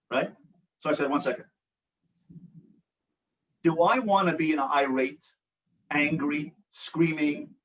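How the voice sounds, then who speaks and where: An older man, a rabbi and relationship coach, teaching an online support group with animated storytelling and acted-out quotes. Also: on the high side, far from the mic, rough recording. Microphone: video call.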